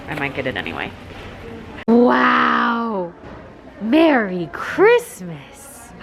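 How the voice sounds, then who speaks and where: A young woman vlogging in a gushing, excitable way, gasping and exclaiming as she chats. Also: lowish voice. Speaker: lifestyle vlogger. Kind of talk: casual vlog chat.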